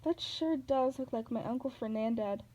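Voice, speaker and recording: A woman's voice: fairly high pitch, normal speed, mellow, natural voice, low-quality recording. A woman doing a nervous young satyr boy. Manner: nervous, mumbling.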